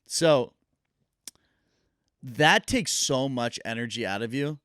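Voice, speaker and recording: Smooth-voiced young man, laid-back. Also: mid-range voice, takes it slowly, a bit bright, dry recording, clean studio sound. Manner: laid-back, hedging with lots of fillers. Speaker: podcast co-host. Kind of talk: casual chat.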